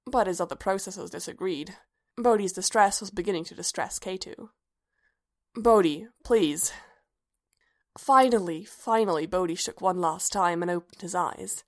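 A woman narrating a story aloud in a calm, even voice. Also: lowish voice, moderate pace. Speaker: story reader. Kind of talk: scripted narration.

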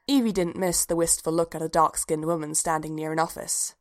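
A woman reading fan fiction aloud in an even, unhurried storytelling manner. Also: sits low. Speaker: reader.

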